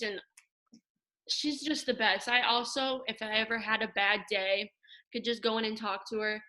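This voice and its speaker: A high-voiced young woman in her late teens chats casually with a classmate. She tells her stories in an animated way and now and then gets loud. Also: normal speed. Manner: animated storyteller, often raises her voice. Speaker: high school senior. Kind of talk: casual chat between classmates.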